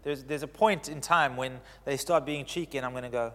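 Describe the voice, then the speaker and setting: A man preaching a sermon as pastor, stressing key phrases by repeating them and swinging between loud declarations and hushed lines. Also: medium pitch, fairly quick, hardly any pauses, big-room sound.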